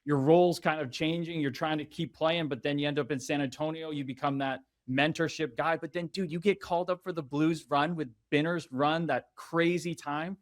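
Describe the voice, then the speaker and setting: A man's voice: a little high, fairly even intonation, moderate pace, hardly any pauses. A man hosting a podcast, asking questions in a laid-back way, calling his guest "dude" and cursing casually. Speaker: podcast host. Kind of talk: casual interview chat.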